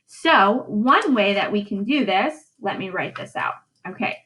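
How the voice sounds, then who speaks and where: A woman's voice: mid-range voice, expressive, measured pace, pushed and bright, rough recording. A woman teacher giving a recorded English lesson, drawing out syllables and checking in with "right?". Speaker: high school English teacher.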